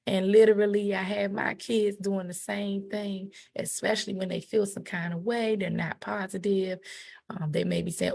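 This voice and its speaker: Middle-aged woman educator, warm-hearted coaching delivery, slightly raspy with some vocal fry. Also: medium pitch, moderate pace. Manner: animated, encouraging, acts out quotes. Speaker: educator presenting a puberty book. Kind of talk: teaching talk to parents and kids.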